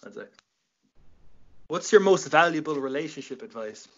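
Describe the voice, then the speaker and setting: A man's voice: on the high side, animated, moderate pace, a bit bright, highs cut off. A young Irish man hosting a casual late-night podcast, swearing freely and laughing at his own jokes. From Ireland. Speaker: podcast host.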